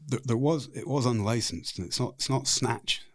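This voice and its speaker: A man's voice: medium pitch, normal speed, no room sound. A middle-aged man with a Scottish accent, a podcast guest telling frank, rambling stories in a casual interview. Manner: frank, rambling anecdotal storyteller.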